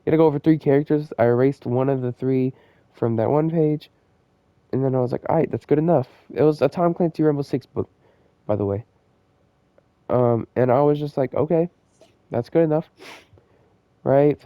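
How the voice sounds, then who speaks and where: Young male storyteller, loose and rambling, lots of slang, mid-pitched, on a dull dry lo-fi recording. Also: fairly quick, long pauses, smooth, no room sound. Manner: rambling, slangy, full of fillers and digressions. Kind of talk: casual storytelling monologue.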